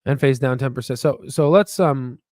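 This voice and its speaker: A man hosting a casual stock market video, rambling and excitable, with frequent profanity and restarts. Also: mid-range voice, normal speed, no echo, studio quality. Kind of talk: casual market commentary with screen share.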